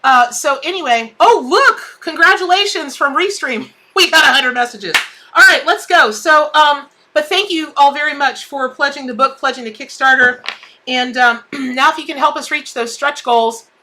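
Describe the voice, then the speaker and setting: Chatty lady doing a live tarot stream, high bright voice, greets people by name. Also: moderate pace, slight background noise. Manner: bubbly, chatty, reads out viewers' comments. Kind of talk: casual live-stream chat.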